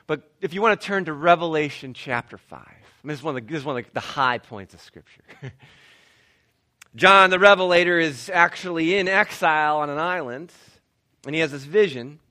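A pastor preaches an animated sermon, swinging from loud declarations to hushed asides, with short laughs and restarts. His voice is a little high and fairly quick.

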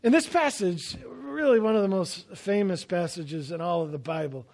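A man preaching a sermon, telling stories with self-deprecating humor and swinging between loud emphasis and quiet asides. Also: sits high, normal speed. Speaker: pastor.

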